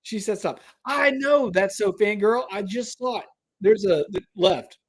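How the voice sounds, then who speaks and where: A high-pitched man speaks unhurriedly as he hosts a live stream giveaway. He hypes things up, chats with viewers, and drags out the suspense.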